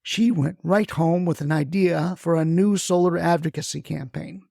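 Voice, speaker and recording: A man's voice: a little high, normal speed, vocal fry, darkish tone, no room sound, clean studio sound. A man narrating a comic story with wry, folksy asides.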